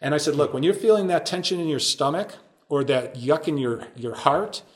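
A man, a guest in the conversation, tells a story and acts out the people in it as he goes. His voice sits a touch above the usual male pitch. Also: lively intonation, normal speed. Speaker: podcast guest.

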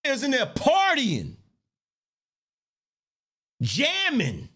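A man's voice: very high-pitched, wildly swooping pitch, extremely slow, bright, forceful tone. A man hosting a podcast, giving casual political commentary in a mocking way, repeating his lines and laughing often. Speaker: podcast host.

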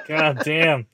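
A man in his thirties co-hosting a podcast, chatting about a movie in an animated, laughing, self-mocking way. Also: on the high side, dry recording, clean studio sound. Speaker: podcast co-host. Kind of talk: casual movie chat.

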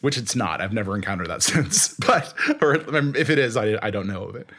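A husky, lowish male voice moves at a brisk clip as a guest in a relaxed interview. He tells his stories with real animation, laughing along and acting out what people said.

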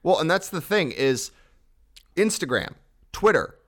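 A man's voice: a little high, big pitch swings, a little slow, a bit bright. A man co-hosting a podcast who talks in lecturing, declarative pronouncements during casual chat.

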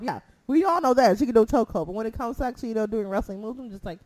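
A woman talks wrestling in an easy, chatty way, her pitch leaping up and down as she acts out her reactions. Her voice sits a little high and she exclaims often. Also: sing-song, fast talker, darkish tone. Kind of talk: casual wrestling chat.

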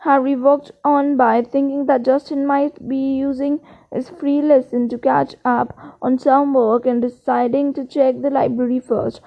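A woman reading a novel aloud in plain, steady narration with occasional slips. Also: high-pitched, measured pace, gravelly. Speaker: reader. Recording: tinny phone-like sound.

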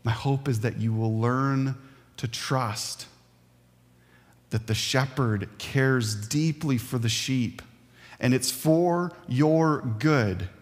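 A man preaching a sermon as a pastor, earnest and emphatic, with dramatic pauses. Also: mid-range voice. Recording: long hall reverb.

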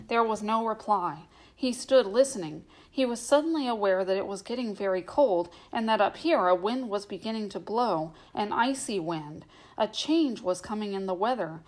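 A woman reading a novel aloud as the narrator, in a steady, measured storytelling manner. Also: medium pitch. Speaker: audiobook narrator.

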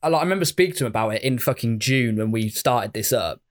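A man's voice: mid-range voice, expressive, quick pace. A man from England co-hosting a podcast, chatting casually and enthusiastically, rambling with fillers and swearing. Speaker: podcast co-host. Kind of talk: casual chat.

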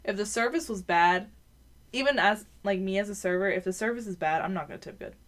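A woman's voice: mid-range voice, fairly quick. A woman in her twenties chatting casually on a podcast, blunt and profane, mimicking customers as she vents. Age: 20s. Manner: blunt, profane, mocks customers in put-on voices. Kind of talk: casual chat.

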